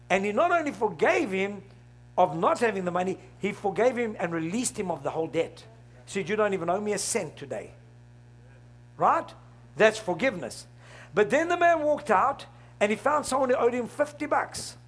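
A man's voice: sits high, breathy edge. A middle-aged man preaching a sermon, asking the congregation questions and laughing along with them. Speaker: pastor.

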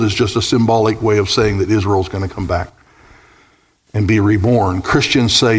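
A pastor preaching a sermon to a congregation, building from calm teaching to high, impassioned peaks. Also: male voice, normal speed, husky.

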